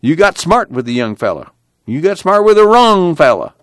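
A man reading aloud and voicing a rebellious rural ex-preacher who talks in a folksy drawl, calm and defiant. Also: medium pitch, a little fast, no room sound, voice pushed up, natural voice. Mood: firm. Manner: folksy rural drawl, firm and plain-spoken.

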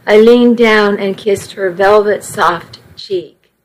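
A woman reading a first-person story aloud in a slow, measured way. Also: mid-range voice, rough recording. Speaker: narrator.

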